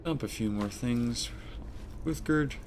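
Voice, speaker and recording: Slow and somewhat dark-toned, this man's medium-pitched voice sounds blocked up and congested. He plays a game live, chatting easily and addressing his chat as he comments, with slight background noise present.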